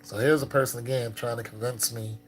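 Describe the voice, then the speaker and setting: A man's voice: medium pitch, brisk, slight background noise. A man on a livestream, casually commenting on scam messages and chatting with viewers in a loose, filler-heavy way. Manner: loose and conversational, lots of fillers; gets loud and excited chatting with viewers. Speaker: streamer.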